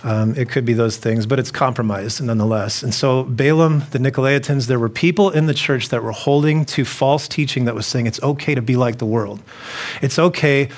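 A man's voice: medium pitch, brisk. Conversational man preaching a sermon. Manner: conversational preaching, repeats phrases and asks the listeners questions. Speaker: pastor.

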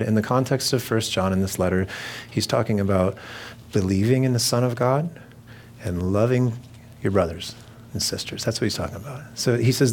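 A man's voice: fairly low pitch, darkish tone, a little hiss or hum. Man, middle-aged, pastor, sermon, conversational, joking asides. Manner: conversational, jokey asides with mimicked voices.

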